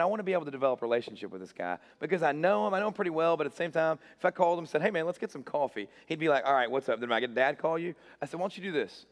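A middle-aged man preaching as a pastor, telling stories with acted-out quotes and self-mocking humor. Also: a little high. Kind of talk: sermon. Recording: long hall reverb.

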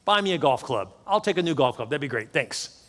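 A man's voice: on the high side, very animated, brisk, a bit bright, long reverb tail. A man voicing a polite, nervous male golfer caught off guard. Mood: flustered.

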